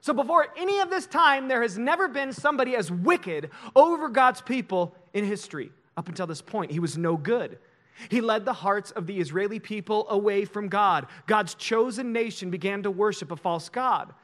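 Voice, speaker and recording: High-voiced man preaching a sermon. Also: moderate pace. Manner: animated storytelling. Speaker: pastor.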